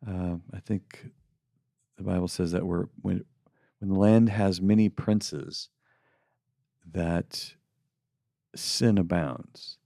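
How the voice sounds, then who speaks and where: Gravelly man talking casually on a podcast. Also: deep voice, takes it slowly, pauses often, dry recording, studio quality. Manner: animated, puts on mocking voices for quoted people. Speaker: podcast co-host. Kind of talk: casual faith talk.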